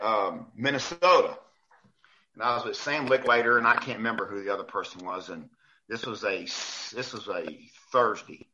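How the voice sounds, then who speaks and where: A man, a basketball referee, telling a story in a casual, animated way and acting out the people he quotes. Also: medium pitch, highs cut off. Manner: animated, acts out quoted coaches.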